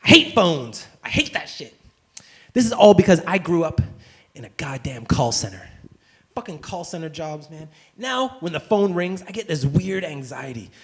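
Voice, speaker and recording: A man doing a profane stand-up comedy rant, swinging between muttered asides and shouted outbursts. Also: fairly high pitch, big pitch swings, normal speed.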